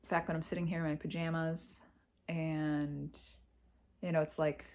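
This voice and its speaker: A woman speaking in a candid confessional vlog from her parents' house, reflective and halting, with sighs and pauses, close to tears. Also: deep voice, little pitch movement, a little mellow. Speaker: vlogger.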